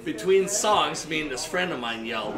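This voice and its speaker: An older man with a highish voice, speaking at normal speed, tells long, rambling stories as a guest in a casual chat at a noisy bar. He's an animated storyteller. The recording is echoey and far from the mic, with bar crowd chatter behind him.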